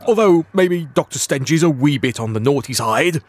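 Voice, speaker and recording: A man's voice: fairly high pitch, animated, normal speed. A man narrating a comic story in a playful way, with chatty asides to listeners.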